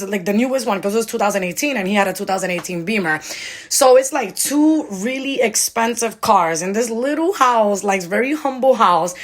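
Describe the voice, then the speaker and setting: A young woman vlogger telling a story in a casual, animated way, acting out the others' lines as she goes. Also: fairly high pitch. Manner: animated, mimics others' voices in quotes.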